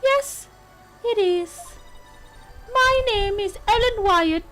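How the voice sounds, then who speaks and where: Woman putting on a prim, squeaky young maid. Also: fairly bright tone, faint music behind, exaggerated voice. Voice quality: very high, sing-song and drawn-out. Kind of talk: reading a video game's dialogue aloud.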